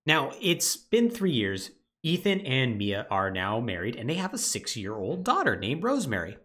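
A man co-hosting a casual podcast, retelling a game's plot in an animated way with lots of "like" fillers. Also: mid-range voice, moderate pace. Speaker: podcast co-host.

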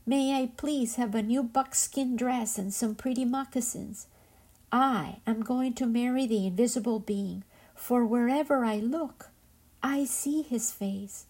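Humble hopeful girl in a story, voiced by a woman, soft and slow. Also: on the high side. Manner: polite and hopeful. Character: gentle, humble young woman.

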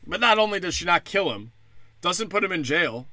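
A man's voice: sits high, very animated, moderate pace, sharp tone, dry recording. A man ranting in a casual, comedic way as a podcast host, sarcastic and profane.

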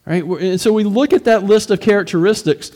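Man, pastor, conversational sermon, fairly high voice, rhetorical questions, repeats words. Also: a little fast, a little mellow.

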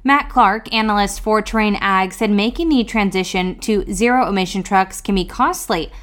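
A woman hosting a farm news radio show, reading scripted news in a brisk, upbeat announcer style. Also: mid-range voice, a bit bright.

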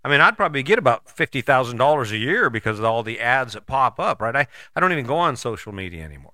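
A man in his sixties talks straight to the listener in a bright, forceful voice that rises and falls with a lot of life. He speaks blunt, folksy and a little profane, as in a motivational podcast. The sound is close and dry. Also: medium pitch, very animated, fast talker, dry recording. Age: 60s. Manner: blunt, folksy, swears casually, jumps between voices for imagined people. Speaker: podcast host. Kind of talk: motivational monologue.

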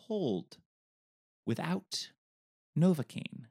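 A man's voice: fairly high pitch, sing-song, slow pace, creaky, a little mellow, slightly rough. A man co-hosting a casual film discussion podcast, chatty and retelling scenes with small acted-out asides. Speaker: podcast co-host.

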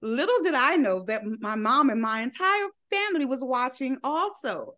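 A woman's voice: sits high, expressive, normal speed, a bit bright. A woman guest in a casual interview, speaking candidly about her life and laughing often as she talks. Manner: laughs often while telling her story; candid and talkative, with loose, run-on phrasing. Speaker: interview guest, social media creator.

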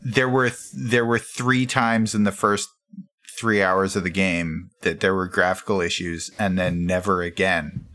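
A man chatting casually with friends about a video game, animated and full of fillers. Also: sits low, unhurried. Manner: animated, laughing, filler-heavy. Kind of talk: casual chat among friends.

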